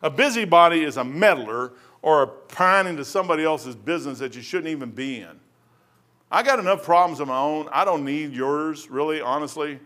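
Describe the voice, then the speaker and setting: A middle-aged preacher with a slightly high-set voice delivers a loose, conversational sermon. His talk is folksy and rambling, full of asides and stories before he comes back to scripture. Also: fairly quick, fairly bright tone. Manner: folksy, rambling, wanders off topic into anecdotes. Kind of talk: casual sermon.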